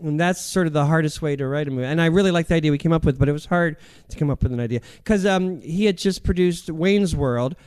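Smooth-voiced comedian telling stories. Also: male voice, fairly high pitch, quick pace, few pauses, darkish tone. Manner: rambling, self-deprecating storyteller. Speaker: comedian guest. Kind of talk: casual anecdotal interview.

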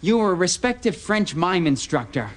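Calm TV-sketch husband, high-pitched, humoring a madman. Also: normal speed, background noise. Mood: placating. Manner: patient, placating. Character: man calmly humoring an unhinged friend.

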